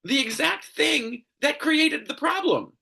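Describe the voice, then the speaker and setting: A man's voice: very high-pitched, big pitch swings, slow, gravelly, sharp tone. A man hosting a commentary show, ranting angrily with lots of swearing and exasperation. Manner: angry, profane, exasperated.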